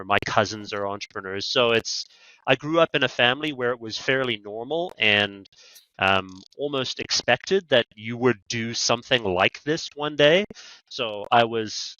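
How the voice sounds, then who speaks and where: A man's voice: on the low side, moderate pace, bright, forceful tone, dry recording, lo-fi sound. A man with a Canadian accent, a podcast guest talking about negotiation training in a conversational interview, telling stories animatedly with quoted asides.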